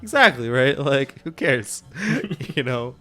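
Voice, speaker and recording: A man of middle pitch talks casually on a gaming podcast, breaking into laughter often. He rambles through fillers in a relaxed chat, with faint music behind. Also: slow pace. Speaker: podcast co-host and game master.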